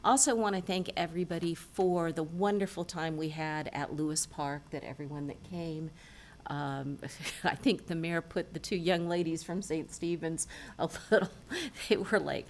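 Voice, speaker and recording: A low-pitched woman speaks at a council meeting in a relaxed, chatty way. Her remarks wander with small restarts. Faint hiss sits under the voice. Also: moderate pace. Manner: chatty, tells jokes with put-on voices. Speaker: city council member. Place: council chamber.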